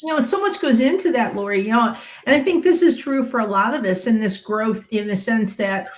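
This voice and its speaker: A woman's voice: fairly high pitch, animated, a little fast. A woman who once taught special education, reflecting with personal anecdotes in a podcast panel conversation. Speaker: spiritual medium, former special ed teacher.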